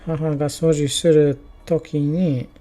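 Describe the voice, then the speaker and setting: A man streaming his Japanese study, sounding out practice sentences slowly with many restarts and chatting casually between them. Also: fairly high pitch, level tone, mellow, faint music behind.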